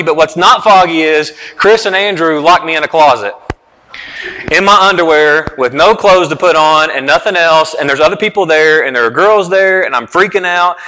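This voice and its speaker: A man's voice: sits high, pushed and bright, big-room sound, poor audio. A middle-aged man preaching a sermon, telling stories earnestly and repeating phrases for emphasis. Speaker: pastor.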